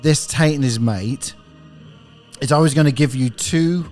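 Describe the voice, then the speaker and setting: A man's voice: mid-range voice, unhurried, a little mellow, faint music behind. A British man from the UK co-hosting a podcast, playfully teasing his co-host and explaining slang in casual banter. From United Kingdom.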